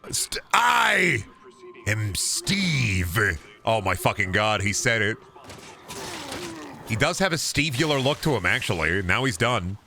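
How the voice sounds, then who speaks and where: A male streamer with a bright, sharp voice rants and jokes with his chat while he plays. His talk is loose, full of swearing and running riffs. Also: on the low side, expressive, moderate pace, long pauses. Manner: profane, ranting, riffs with chat. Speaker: streamer playing a video game. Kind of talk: casual gaming stream chatter.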